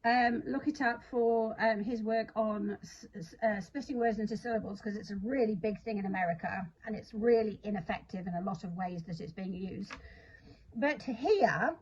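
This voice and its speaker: A literacy teacher talks to the camera, explaining a spelling routine in a chatty, self-deprecating way and sounding out word parts as she goes. Her voice is medium-pitched, darkish and slightly rough, at normal speed, on dull audio.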